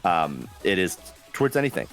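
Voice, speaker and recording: Man co-host, low voice, rambling easygoing chat, faint music behind. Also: sing-song, brisk, fairly bright tone. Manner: laid-back, rambling, laughs often. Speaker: streamer co-host. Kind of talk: casual chat.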